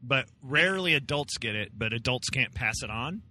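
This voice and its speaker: A man's voice: mid-range voice, lively intonation, moderate pace, sharp tone. A man hosting a podcast from inside a car, chatting casually and cracking self-mocking jokes. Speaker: podcast host. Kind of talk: casual chat.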